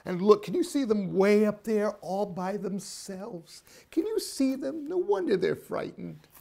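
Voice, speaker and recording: A woman librarian reading a picture book aloud at a children's storytime, in an expressive, animated voice. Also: medium pitch, unhurried, vocal fry.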